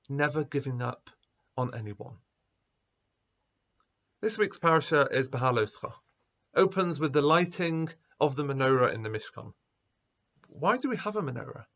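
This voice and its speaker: A man speaking as a rabbi at a school assembly, telling a story with lively quoted dialogue. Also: medium pitch, normal speed, long pauses, muffled recording. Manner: animated storyteller, acting out quoted voices.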